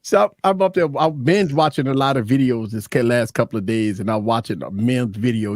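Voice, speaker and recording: A man's voice: medium pitch, fairly quick, few pauses, dry recording. A man co-hosting a live tech stream, talking in casual, blunt, profane banter. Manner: animated, blunt, swears freely. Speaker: tech show co-host.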